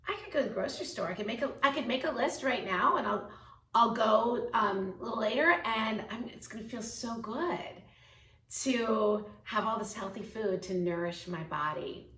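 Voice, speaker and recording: A woman's voice: fairly high pitch, moderate pace, a bit bright, roomy sound, distant mic, a little hiss or hum. A woman in her fifties, a health coach, giving an upbeat, emphatic motivational talk to camera. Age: 50s.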